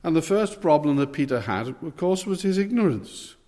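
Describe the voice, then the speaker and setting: A man preaching a sermon, earnest and emphatic, often slowing and sinking into soft, low phrases. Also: animated. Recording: long hall reverb.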